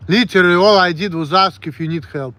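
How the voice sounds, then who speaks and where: A man's voice: high voice, fairly bright tone. A man in his late thirties with a Russian accent, rambling frankly and with plenty of swearing as he answers viewers on a livestream. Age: late 30s. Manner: rambling, frank, profane, halting self-corrections. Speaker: streamer.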